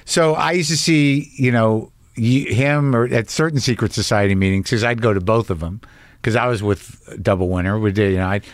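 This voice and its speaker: A man's voice: on the low side, a little fast, dry recording. Male host, wry and teasing, rambling chat, dry close mic. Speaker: podcast host. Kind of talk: casual chat.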